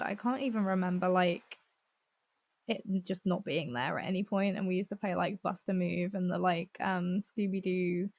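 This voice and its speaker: A woman chatting on a podcast, an animated storyteller who swears freely. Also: mid-range voice. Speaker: podcast co-host. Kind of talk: casual chat.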